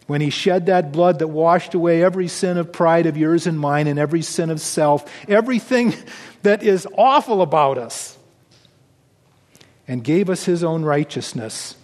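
A man preaching a sermon, swinging between raised exclamations and hushed, low passages. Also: normal speed, long reverb tail. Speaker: pastor.

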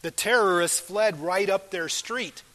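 Older preacher guy, kinda high voice, gets loud then goes real quiet, earnest sermon. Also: unhurried. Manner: earnest, swings between loud emphasis and soft quiet asides. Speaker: pastor.

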